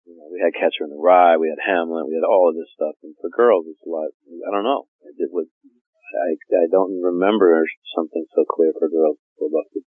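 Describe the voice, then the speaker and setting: A middle-aged male actor chatting casually in an interview, relaxed and laughing often. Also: low voice, a little fast, husky, no room sound. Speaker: actor guest. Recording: tinny phone-like line.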